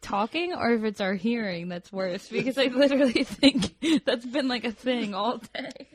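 Female co-host, chatty, laughs easily, slightly high voice. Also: normal speed, slight background noise. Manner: giggly, chatty, swears casually. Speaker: podcast co-host. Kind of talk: casual podcast chat.

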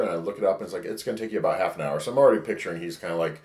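A man's voice: fairly low pitch, animated, racing, hardly any pauses, a little mellow. A man co-hosting a podcast who tells a candid, rambling story and acts out the texts he quotes. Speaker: podcast co-host. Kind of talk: casual storytelling. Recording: echoey room.

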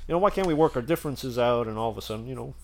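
A man's voice: mid-range voice, animated, very fast, gravelly, a little mellow. A man telling a story in casual chat, rambling and laughing as he goes.

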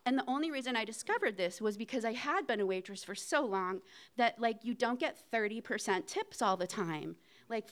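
Candid woman telling a story on stage. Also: mid-range voice. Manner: candid, conversational, with fillers and nervous laughs. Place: theater stage.

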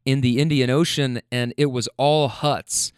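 A man's voice: mid-range voice, steady tone, unhurried, clear, resonant tone, dry recording, lightly acted. A man voicing a chatty, matter-of-fact male passenger in close to his own voice.

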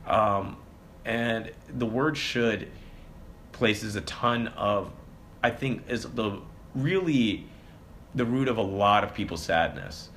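A man's voice: on the low side, takes it slowly, fairly bright tone, slight background noise. A man hosting a podcast in casual conversation, opinionated and reflective, with fillers.

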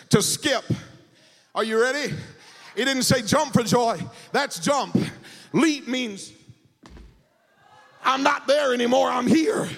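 A male pastor preaching a sermon, shouting in a sing-song cadence and stammering repeated words. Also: very high voice, vocal fry. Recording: reverberant church hall.

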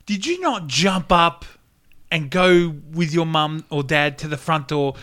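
Animated, teasing podcast co-host. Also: mid-range voice, a little slow. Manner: animated storyteller, acts out quotes, teasing. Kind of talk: casual chat.

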